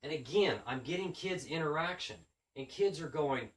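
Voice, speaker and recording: A man's voice: a little high, moderate pace, hardly any pauses. A man, a children's book author, casually telling stories about his school visits and acting out how he talks to the kids. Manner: animated, acts out his classroom patter to kids. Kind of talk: casual storytelling monologue. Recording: roomy sound from a distant mic.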